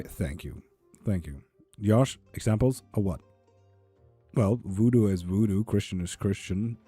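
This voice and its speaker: A man's voice: fairly low pitch, warm tone, husky, no echo. A man chatting casually on a live tarot stream, reading viewers' comments aloud and swearing freely. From Sweden.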